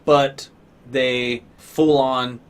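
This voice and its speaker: A man's voice: medium pitch, flat delivery, extremely slow, smooth. Exasperated man ranting a film review. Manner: exasperated, profane, sarcastic. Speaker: movie reviewer.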